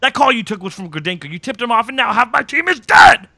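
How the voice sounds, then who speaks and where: A man's voice: very high voice, big pitch swings, fast, vocal fry, no room sound, studio quality, voice pushed up, full character voice. A man voicing a stern male federal agent, snapping out clipped threats while recapping a TV episode. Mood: commanding.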